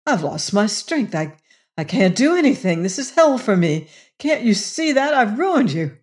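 A woman's voice: mid-range voice, big pitch swings, normal speed, pitched above the performer's own voice, lightly acted. A woman reading aloud and voicing a desperate young male rider, pleading and agitated with a raised voice. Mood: anguished.

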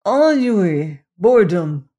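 A reader voicing a suave, menacing aristocratic Cossack general in an audiobook, with courtly, unhurried, drawn-out phrasing. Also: medium pitch, sing-song, mellow. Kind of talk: audiobook character reading.

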